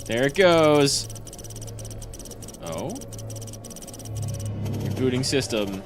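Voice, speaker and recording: Streamer, casual let's-play talk: thinks out loud, cusses, pitch jumps around, noisy background. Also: expressive, drawn-out words. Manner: thinks aloud, swears freely, reacts loudly. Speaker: VTuber streamer. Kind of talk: casual gameplay commentary. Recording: noisy game sound behind.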